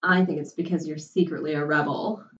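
A bold, confident college girl who speaks bluntly and teases, as a woman reads her part. The voice sits low and sounds muffled and distant. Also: steady tone, a little fast, fairly bright tone. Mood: brash. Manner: blunt and teasing.

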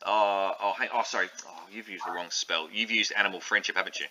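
A man narrating as game master of a tabletop game, describing scenes in an animated way. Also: low-pitched, fast talker, lo-fi sound, a crowd in the background.

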